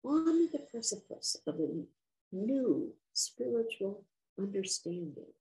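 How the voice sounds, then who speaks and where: Gentle reassuring woman visitor, as an older woman quotes her. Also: mid-range voice, big pitch swings, slow pace, poor audio. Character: kind, insistent woman visitor offering spiritual comfort.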